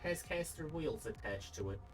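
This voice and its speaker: A man's voice: mid-range voice, animated, fairly quick, over music, low-quality recording. Man reading game dialogue aloud. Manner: reads text evenly, breaks off for casual comments. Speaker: streamer. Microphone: desk microphone.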